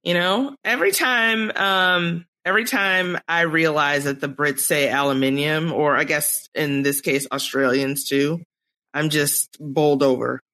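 A woman co-hosting a casual podcast chat, speaking in an animated, emphatic way and laughing easily. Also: sits low, a little slow. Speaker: podcast co-host.

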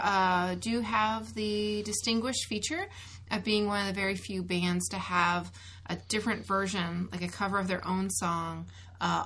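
A woman's voice: medium pitch, pushed and bright, a little hiss or hum. A woman co-hosting a casual movie podcast, sharing trivia in a chatty way with small self-corrections. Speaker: podcast co-host.

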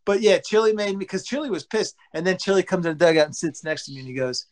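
Full of energy, this former pitcher fires off casual stories as a fast talker with hardly any pauses. He performs his teammates' lines and swears in an easy, casual way.

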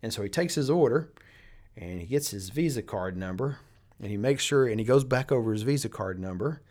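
This middle-aged business podcast host has a medium-pitched, slightly mellow voice and speaks fairly quickly and expressively. His casual monologue is conversational and full of stories, with frequent restarts.

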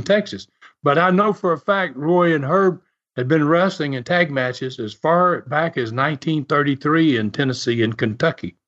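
A man's voice: mid-range voice, a bit bright. An older man hosting his own podcast, telling a long story in a rambling way with lots of fillers and restarts. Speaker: podcast host. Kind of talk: casual storytelling monologue. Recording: dull lo-fi recording.

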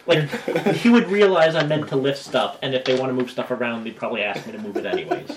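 A man's voice: medium pitch, fast talker, rough recording. A man playing a tabletop game, earnestly explaining his plans in casual chat. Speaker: player. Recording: audible background noise.

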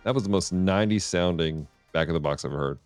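A man hosting a casual podcast, steering the talk and reading aloud briskly. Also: sits low, no echo, soft background music. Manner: animated, reads aloud briskly and keeps the talk on track. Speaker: podcast host steering the episode.

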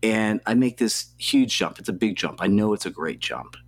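A young man with a slightly low-pitched voice tells a story as an interview guest. He rambles casually, swears freely and fills his sentences with "like" and "you know.". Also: animated, normal speed, slightly rough. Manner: profane, loose, heavy on filler words. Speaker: athlete guest.

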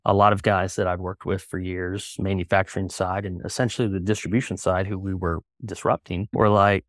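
A middle-aged man talking casually as a podcast guest, relaxed and full of fillers. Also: deep voice, a little fast, few pauses, no room sound, studio quality. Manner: relaxed, conversational, many fillers. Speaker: guest, company co-founder.

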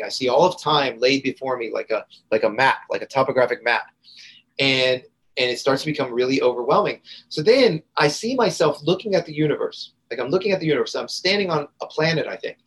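A man's voice: mid-range voice, fairly bright tone, slightly rough, rough recording. Earnest man telling a personal story. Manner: earnest, halting storyteller with fillers and restarts. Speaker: podcast guest. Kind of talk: storytelling in a conversation.

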